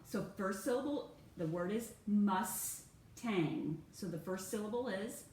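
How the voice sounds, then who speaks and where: A woman teaching a one-on-one phonics lesson, patient and encouraging, saying words out slowly and clearly. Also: mid-range voice, expressive, a little mellow. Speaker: reading teacher. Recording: echoey room, far from mic, faint hum.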